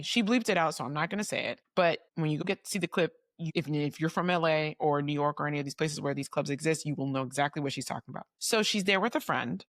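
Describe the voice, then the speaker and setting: A woman co-hosting a podcast, chatting and telling a story in an animated way with frequent laughs. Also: deep voice, no room sound, studio quality. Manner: animated, laughing, jumps in with quick asides. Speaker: podcast co-host. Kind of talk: casual chat and storytelling.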